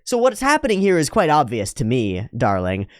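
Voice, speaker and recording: A pompous young male mage with a condescending, theatrical sneer, put on by a man. His pitch swings widely from line to line, and the recording is dry and close. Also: huge pitch swings, normal speed, no echo. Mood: mocking.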